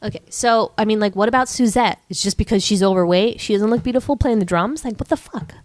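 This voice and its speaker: A woman's voice: medium pitch, quick pace, a little mellow, no room sound. Chatty, swearing young woman podcaster. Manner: chatty, swears freely, acts out characters in quotes, laughs often. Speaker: podcast co-host. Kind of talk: casual chat recapping a film.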